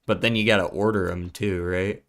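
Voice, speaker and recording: A man's voice: low-pitched, fairly even intonation, moderate pace, a bit bright. A man streaming a puzzle game, thinking aloud in a casual, profane mutter as he works through clues.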